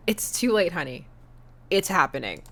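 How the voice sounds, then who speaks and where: Gentle middle-aged dad in a dating game, soft and sentimental, read by a woman. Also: on the low side, sing-song, normal speed. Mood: tearful.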